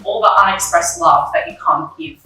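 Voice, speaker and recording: Speaking at normal speed and medium pitch, a young woman with a bright voice opens up as an interview guest in a personal talk about grief. She's emotional and candid, peppers her words with likes and ums, and often acts out what was said back then by her and others. She's far from the mic in a very echoey room, with faint music underneath.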